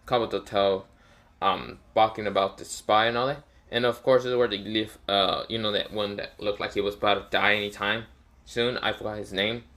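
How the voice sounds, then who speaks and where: A man's voice: lowish voice, a bit bright. Rambling man retelling a fan story. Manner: rambling, full of fillers.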